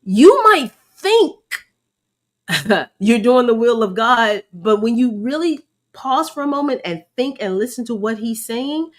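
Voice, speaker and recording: A woman's voice: on the high side, moderate pace. A woman leading a ministry, giving a candid, emotional live testimony and preaching, calling her listeners y'all. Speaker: ministry leader.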